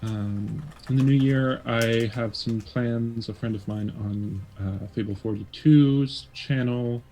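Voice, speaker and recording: A man who is a guest player, chatting casually and bashfully, halting with frequent ums. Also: medium pitch, steady tone, warm tone, low-quality recording. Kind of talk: casual stream chat.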